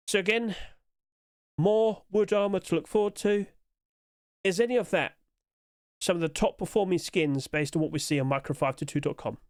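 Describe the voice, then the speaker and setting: Guy, upbeat rambling skins commentary, slightly high voice, chuckles often. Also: dry recording, clean studio sound. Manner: chatty, rambling, chuckles to himself; quick-talking, trying to rush through. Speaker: game skin commentator. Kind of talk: casual solo commentary.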